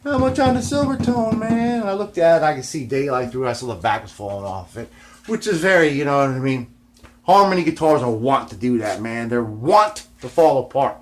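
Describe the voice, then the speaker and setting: A man telling a long story in a laid-back, rambling way. He swears freely, fills every line with "man" and "you know what I mean", and swings between loud and hushed. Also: mid-range voice. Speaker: guitar vlogger.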